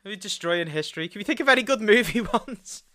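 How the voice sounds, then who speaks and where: Bright, giggly podcast co-host voice. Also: mid-range voice, lively intonation, brisk. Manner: laughs constantly, loud and giddy; swears freely. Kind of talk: casual comedy banter.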